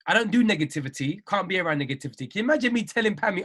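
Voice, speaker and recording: A man's voice: sits high, lively intonation, very fast, a bit bright. A man giving an emphatic, repetitive motivational live-stream talk as a trading mindset coach. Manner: emphatic, repeats phrases, preachy.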